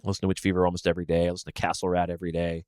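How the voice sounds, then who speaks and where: A man's voice: low voice, completely flat delivery, racing, darkish tone, clean tone, no room sound, studio quality. A man hosting a solo podcast, chatting casually and rambling as he thinks aloud. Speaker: podcast host.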